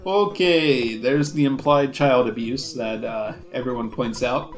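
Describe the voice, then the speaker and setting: A man's voice: medium pitch, measured pace, soft background music. A young man casually commenting while playing a video game, musing aloud with lots of fillers. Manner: rambling, musing, with fillers and laughs. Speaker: let's play host.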